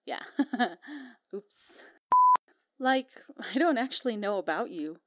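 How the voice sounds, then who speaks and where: A woman's voice: medium pitch, animated, takes it slowly, no room sound, clean studio sound. A woman recording fan dub lines, joking and chatting between takes. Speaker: voice actor. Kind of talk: voice acting outtakes.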